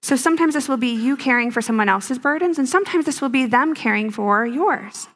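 A woman's voice: sits high, lively intonation, fairly quick, a bit bright. A woman giving a conversational teaching talk to a live audience, playful and full of rhetorical questions. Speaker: speaker at a ministry teaching.

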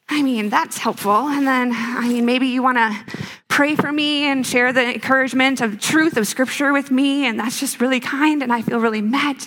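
A woman's voice: high-pitched, moderate pace, a bit bright. A woman giving a conversational teaching talk to a live audience, playful and full of rhetorical questions. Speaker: speaker at a ministry teaching.

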